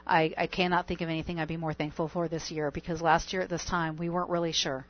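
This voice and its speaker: A woman's voice: deep voice, little pitch movement, fast, dry recording. A woman appearing as a guest on a radio talk show, speaking earnestly about her organization. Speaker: political guest. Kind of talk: radio interview. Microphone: studio microphone. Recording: dull lo-fi radio audio.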